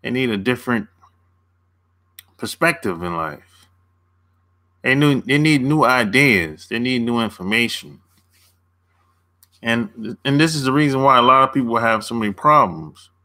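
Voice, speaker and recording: A man's voice: medium pitch, lively intonation, measured pace, long pauses, bright, forceful tone. A man coaching on dating in a casual livestream, laid-back, chuckling often and answering viewers' chat by name.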